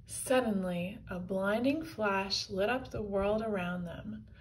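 A woman reading a children's book aloud in a clear storytelling manner. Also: medium pitch, slow pace, recorded from a distance, a little hiss or hum, low-quality recording.

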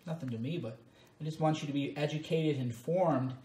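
A man's voice: on the high side, a little fast, warm tone, echoey room. A man, a political commentator ranting casually to camera in a mocking, sarcastic and emphatic way.

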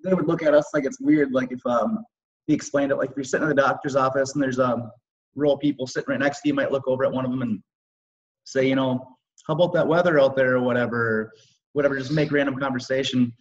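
A man's voice: mid-range voice, steady tone, quick pace. Guy rambling casually on a zoom call, mid voice, muffled sound. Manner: loose, rambling, full of "like" and "um". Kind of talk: casual chat. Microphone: video call. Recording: dull lo-fi video call audio.

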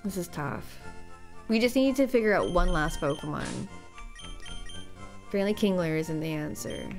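A young woman streaming a game playthrough and commentating, excitable, swearing and shouting at big moments. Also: on the low side, moderate pace, soft background music.

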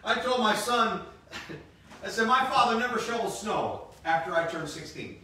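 A man's voice: sits high, expressive, moderate pace, bright, forceful tone. A man in his fifties preaching a sermon as pastor, emphatic, repeating phrases and slipping in joking asides. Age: 50s. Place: church sanctuary. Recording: echoey hall, distant mic, faint hiss.

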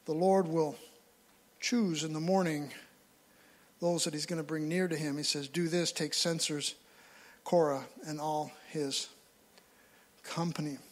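A man's voice: on the high side, steady tone, a little slow, pauses often. A man preaching a live sermon in church, telling stories and acting out what people say. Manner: storytelling, acts out quoted voices. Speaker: pastor.

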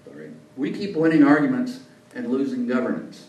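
A man's voice: medium pitch, sing-song, a little fast, a little mellow. A man, a journalist giving a talk to a lunch club, telling anecdotes with folksy asides. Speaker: guest speaker, journalist. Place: meeting room. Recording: echoey room, distant mic, faint noise.

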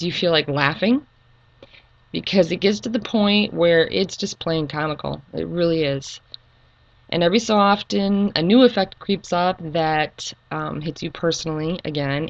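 A middle-aged woman talking earnestly and hesitantly in a personal video monologue, pausing with frequent ums. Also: on the low side, no room sound, lo-fi sound. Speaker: YouTube channel creator.

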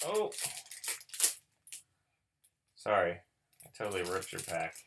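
A man hosting a card pack opening, talking casually and mocking himself, who breaks into excited shouting. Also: deep voice, slow, vocal fry, heavy background noise. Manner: chatty and self-mocking, bursts into excited shouting. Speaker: host opening card packs for viewers.

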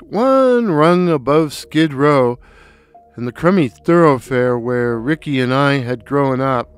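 A man narrating a dark, comic short story in a sardonic, deadpan, deliberate way. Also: medium pitch, smooth, faint music behind. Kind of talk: dry, wry spoken storytelling.

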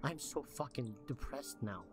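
An actor playing a tiny, cute cube creature from a game town, who rambles from sweet welcome into hysterical despair. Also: male voice, medium pitch, expressive, unhurried, natural voice. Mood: despairing rant. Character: tiny cute cube townsman, unhinged, melodramatic. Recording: game audio with music behind.

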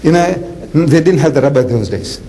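A man preaching a lecture, animated and jokey, telling stories with acted-out voices. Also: on the high side, a little fast, vocal fry, poor audio. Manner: animated, jokey, acts out characters. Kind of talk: lecture with dramatic storytelling.

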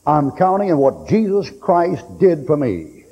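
A man preaching a fiery sermon in a folksy, blunt and joking way, with sudden shouts. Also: on the high side, big pitch swings, a little slow. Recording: dull old recording with long hall echo and faint hiss.

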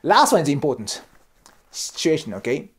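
Animated Japanese-accented man explaining. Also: on the high side, normal speed, slightly rough. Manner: animated, repetitive, keeps checking in with the viewer; swears casually. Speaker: YouTube host and cross-cultural lecturer. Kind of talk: casual explanatory monologue.

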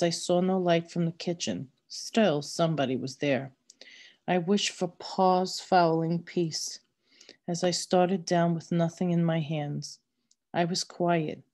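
Slow, mellow woman reading a novel. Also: on the low side. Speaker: reader.

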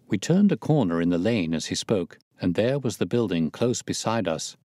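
A man reading a classic detective story aloud as scripted narration, steady and measured. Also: on the low side, no room sound, studio quality. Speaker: audiobook narrator.

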